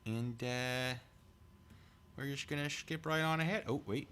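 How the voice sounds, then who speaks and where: A man's voice: mid-range voice, measured pace. A man giving casual live-stream commentary at a desk mic, rambling and chatty with asides to his viewers. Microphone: desk mic pulled close.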